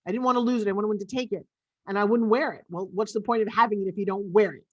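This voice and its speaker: A middle-aged woman speaking as an interview guest, her voice pitched in a typical range for a woman. She tells her story with animated emphasis, pressing hard on key words. She is heard over a remote video call. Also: quick pace, lo-fi sound. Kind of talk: personal storytelling in a podcast interview.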